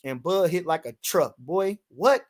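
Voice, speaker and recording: A man's voice: high-pitched, animated, unhurried. A man, reading chat comments on a livestream and reacting in a brash, profane way that repeats points for emphasis.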